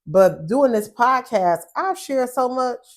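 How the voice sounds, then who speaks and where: A woman co-hosting a podcast in casual chat, animated and often repeating words as she starts a thought. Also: a little high, slow pace. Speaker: podcast co-host.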